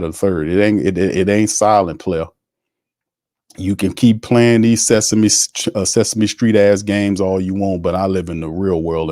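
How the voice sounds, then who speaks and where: Heated low-voiced sports podcast man. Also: warm tone, dry recording, studio quality. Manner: heated, colloquial, talks to the chat. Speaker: podcast host. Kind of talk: sports talk commentary.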